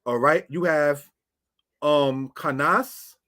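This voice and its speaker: A man teaching Bible Hebrew in a slow, repetitive way, often asking "all right?" and calling listeners brothers and sisters. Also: on the high side, sharp tone. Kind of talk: screen-share Hebrew lesson.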